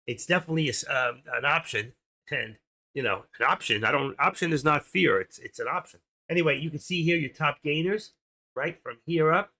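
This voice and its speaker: A middle-aged man with a gravelly, bright-edged voice runs a casual trading livestream. He rambles quickly through charts and tickers in an easygoing way. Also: a little high. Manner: rambling, talks fast while clicking through charts. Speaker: stock trading livestream host. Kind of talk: casual live screen-share commentary.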